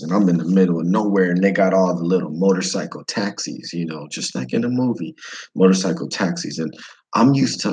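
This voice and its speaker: A man's voice: deep voice, poor audio. A man from the United States casually telling a travel story, slangy, profane and rambling.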